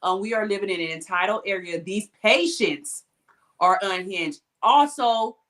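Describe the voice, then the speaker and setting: A woman in casual chat tells a story from her hospital job. She is blunt and animated, swears freely, and jumps up in pitch when she quotes people. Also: normal speed. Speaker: hospital technician.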